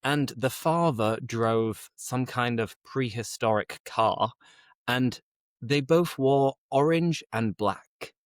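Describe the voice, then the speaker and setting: A man's voice: medium pitch, takes it slowly, no echo, studio quality. A man co-hosting an English-learning podcast, chatting casually in a teacherly way and slipping in Spanish phrases. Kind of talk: casual chat.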